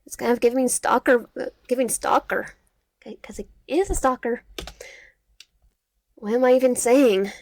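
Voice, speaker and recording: A young gaming YouTuber plays through a visual novel, reading the dialogue aloud, often tripping over and restarting words, and tossing in quips between lines. Her voice is fairly high with a darkish tone, at normal speed with long pauses, in echo-free studio-quality audio.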